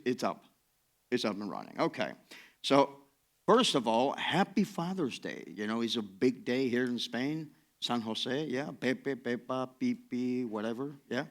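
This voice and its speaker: A man with a non-native English accent giving a chatty, self-deprecating keynote talk in a conference hall. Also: mid-range voice. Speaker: keynote speaker.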